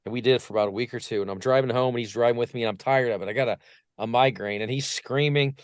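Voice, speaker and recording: Man, podcast guest, animated storyteller, middle pitch, dry recording. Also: rapid-fire, smooth, no echo. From Portsmouth. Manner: lively anecdotes, acts out quoted voices. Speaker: podcast guest, vocal coach. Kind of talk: casual storytelling interview.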